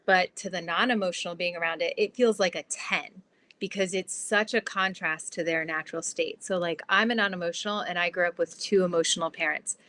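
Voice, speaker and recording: A woman guest on an interview podcast, explaining her ideas in a lively, chatty way with lots of "like". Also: fairly low pitch, brisk, slight background noise. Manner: animated, explanatory, fillers like "like". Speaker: guest, transformation guide.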